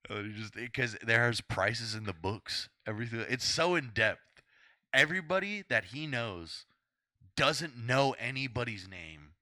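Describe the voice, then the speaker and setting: Excitable young man with a lively pitch. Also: unhurried, no room sound, clean studio sound. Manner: excitable, swears freely, restarts sentences. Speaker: podcast host. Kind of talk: casual chat.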